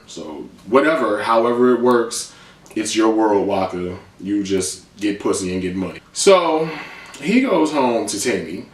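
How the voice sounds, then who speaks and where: A man's voice: fairly low pitch, animated, a little slow. A man giving a blunt, sarcastic, profane comedic recap of a TV episode. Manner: loose, blunt and sarcastic, swears freely. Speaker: TV recap vlogger. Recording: roomy room, distant mic.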